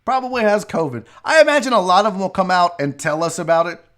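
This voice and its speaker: A man's voice: high voice, expressive, quick pace. A man hosting a live sports talk show. He chats casually, jokes, and reads messages from viewers aloud. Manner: loose, joking, reads chat messages aloud; slips into a put-on Southern gentleman drawl. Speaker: sports radio host.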